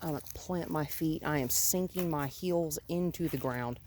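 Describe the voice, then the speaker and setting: A woman dog trainer explaining leash training outdoors on a residential road, calmly coaxing the dog and praising it often. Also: low voice, moderate pace. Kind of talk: instructional walk-along narration. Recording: outdoor noise in the background.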